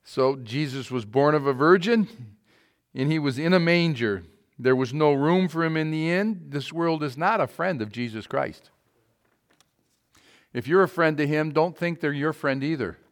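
A man preaching a sermon, with emphatic calls that swing to quiet, low asides. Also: moderate pace.

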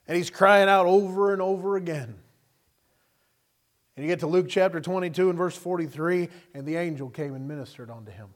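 A man preaching a sermon, telling Bible stories with animated delivery and acting out the characters. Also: a little high, normal speed. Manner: animated storytelling, acting out scenes in character voices.

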